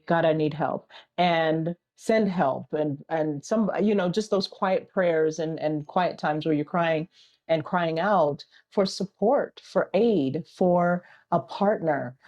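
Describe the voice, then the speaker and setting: A woman's voice: deep voice, takes it slowly, darkish tone, highs cut off. A middle-aged woman answering interview questions earnestly as an entrepreneur and single mother, often repeating a refrain and using analogies.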